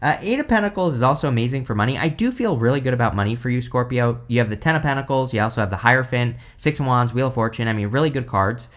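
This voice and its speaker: A man's voice: mid-range voice, animated, quick pace, few pauses. A man giving a casual tarot reading to camera, rambling with many fillers and restarts, tired and stifling yawns. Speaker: tarot reader.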